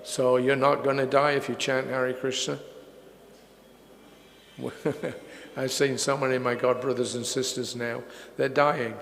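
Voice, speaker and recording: An older man gives an unhurried religious talk in a gravelly voice that keeps to a flat, narrow range. He fills his sentences with pauses and "uh"s. The recording comes from a big, echoey hall with long reverb and faint noise. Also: mid-range voice. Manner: unhurried storytelling with many fillers. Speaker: speaker at a religious festival. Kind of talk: lecture with audience questions.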